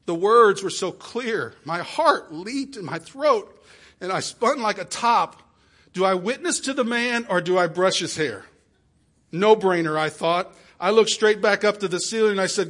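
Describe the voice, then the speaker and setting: A man preaching, retelling an emotional story in the first person, swinging from soft pleading to loud exclamations. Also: high-pitched, expressive, measured pace. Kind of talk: sermon storytelling.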